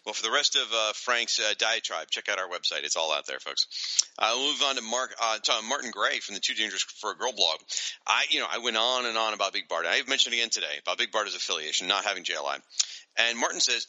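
A man co-hosting a podcast, reading listener mail aloud in a casual, animated, self-deprecating way. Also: lowish voice, fast talker, dry recording, lo-fi sound. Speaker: podcast co-host.

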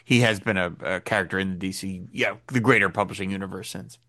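A man's voice: deep voice, steady tone, fast, bright, forceful tone. A man co-hosts a casual podcast, talking in a loose, conversational way. He has a wry touch and works his explanations in through side remarks. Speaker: podcast co-host.

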